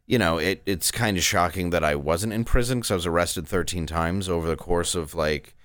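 A man's voice: deep voice, fairly quick, a bit bright, no room sound, clean studio sound. A man in his thirties, a stand-up comedian, telling candid, rambling stories in a casual interview.

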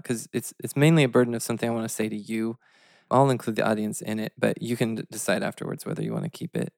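A man co-hosting an interview podcast, speaking earnestly and haltingly, restarting his sentences as he reflects. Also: medium pitch, vocal fry, clear, resonant tone, no room sound. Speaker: podcast co-host.

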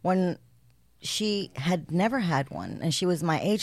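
A woman's voice: on the low side, animated, unhurried, no room sound. A woman co-hosting a podcast, chatting frankly and dropping in Spanish words. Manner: frank, squeamish reactions, drops Spanish words. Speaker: podcast co-host. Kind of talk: casual chat.

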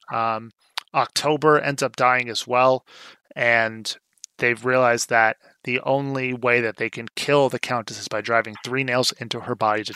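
A man's voice: mid-range voice, bright, forceful tone, slight background noise. A young man co-hosting a podcast, recapping a movie in casual chat with wry, sarcastic asides and plenty of fillers. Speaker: podcast co-host.

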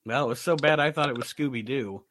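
A man co-hosting a casual wrestling review podcast, joking and quick with his reactions. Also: medium pitch, a bit bright. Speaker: podcast co-host.

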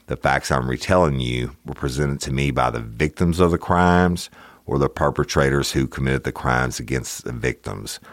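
Very deep gravelly man hosting a podcast. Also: no echo, clean studio sound. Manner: folksy, plain-spoken, drawn-out phrasing. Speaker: podcast host. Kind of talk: casual true-crime podcast talk. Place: studio.

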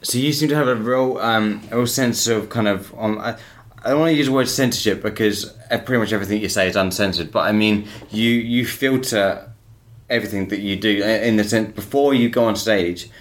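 Low-voiced man hosting a chat. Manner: encouraging, quick affirmations. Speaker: podcast host. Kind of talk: casual podcast chat.

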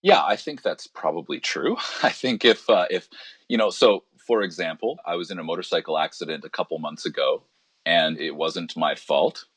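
A pastor from Canada talking in a relaxed, thoughtful way with many restarts on a conversational podcast. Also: male voice, low-pitched, moderate pace, breathy edge, no echo.

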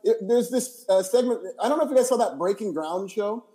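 A man with a high, mellow voice talks quickly in a casual podcast chat. He is eager and opinionated, running through recaps at speed. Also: animated.

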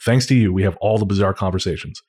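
A man co-hosting a podcast, casually reading listener letters aloud in a relaxed, halting way with frequent fillers. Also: deep voice. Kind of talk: casual chat.

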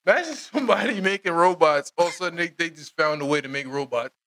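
A man hosting a podcast in casual chat, animated and joking with street slang, laughing often. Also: fairly high pitch, quick pace. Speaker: podcast host.

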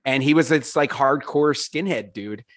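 A man's voice: mid-range voice, moderate pace, fairly bright tone, no echo, clean studio sound. A man telling stories in a casual interview, rambling with lots of fillers, laughing and swearing. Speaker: podcast guest, singer.

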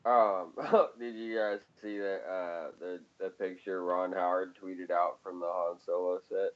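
A man's voice: low-pitched, flat delivery, measured pace, lo-fi sound. A man co-hosting a casual podcast chat, profane and ranting, laughing often. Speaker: podcast co-host.

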